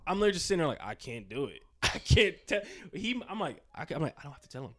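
A man's voice: fairly high pitch, quick pace, slight background noise. A young man casually telling a story, acting it out with sound effects and voices, swearing freely. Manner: animated, acts out scenes with sound effects and quoted voices; profane, slangy.

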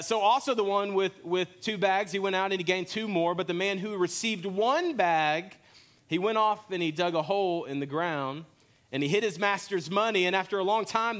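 A male pastor delivers a sermon in a church, joking easily as he tells his stories. His voice sits a little high for a man, and he sounds to be in his thirties. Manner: relaxed, joking storyteller. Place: church sanctuary.

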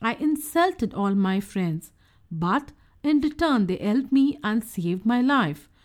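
A woman voicing a boastful young male rabbit in a children's storybook reading, with a quick, bragging delivery. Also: a little high, animated. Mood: remorseful.

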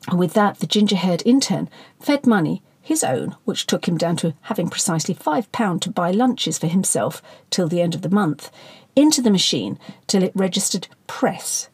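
A woman's voice: lowish voice, animated, moderate pace, darkish tone, slightly rough, no room sound. A woman reading satirical fiction aloud as an audiobook narrator, with a wry, sardonic delivery.

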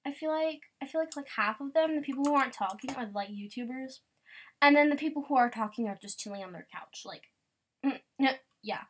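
A woman's voice: high voice, fairly quick. Bubbly young woman rambling over gameplay. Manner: bubbly and rambling, with sudden excited squeals. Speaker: gamer podcaster. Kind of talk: casual gameplay commentary.

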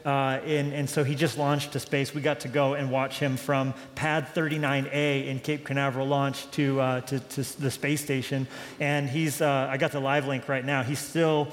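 A man preaching a sermon in a conversational, animated way, acting out quoted dialogue. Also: mid-range voice, normal speed, big-room sound. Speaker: pastor.

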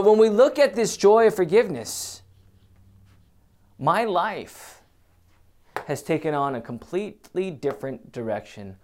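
A man preaches a sermon, alternating loud, emphatic passages with quiet, hesitant musing full of fillers. His voice is a little high.

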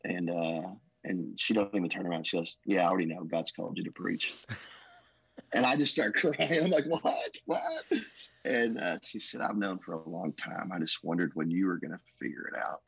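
A man tells his story as a pastor, earnest and emotional. His voice sits low and husky. The recording is close and dry, with no room sound. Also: steady tone, fairly quick, a bit bright, no echo, low-quality recording. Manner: emotional, earnest, says "man" and "bro" often. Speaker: pastor, podcast guest. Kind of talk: testimony storytelling.

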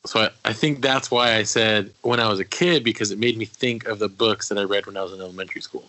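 A man on a casual podcast speaks in a measured, reflective way. His voice is low but bright and forceful, with an edge that cuts through. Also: fairly even intonation, poor audio. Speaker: podcast co-host.

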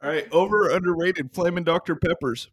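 A man's voice: high voice, brisk, husky. A young man hosting a casual chat with friends, teasing and playful, stumbling into jokes.

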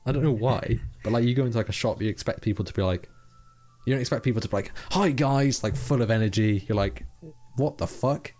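Rambling, animated young man. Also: lowish voice, racing. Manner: rambling, animated, swears freely, mimics people. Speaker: podcast co-host. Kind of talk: casual chat.

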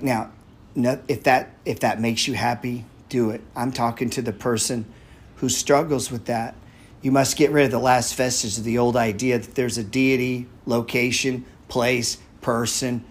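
A man's voice: mid-range voice, a little hiss or hum. A man hosting a live audio chat room, talking casually in a blunt, profane, rambling way. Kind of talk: casual talk.

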